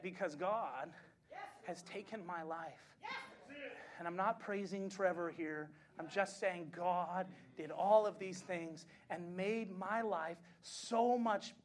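A male pastor from the United States preaching a sermon, swinging between impassioned shouting and chatty, laughing storytelling. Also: high voice. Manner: chatty anecdote-telling with frequent laughs.

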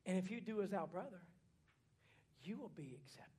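A man preaching a fiery sermon in a church, folksy and plainspoken, swinging from hushed lines to shouting. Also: high voice, lively intonation, moderate pace, breathy edge. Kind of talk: fiery Pentecostal-style sermon.

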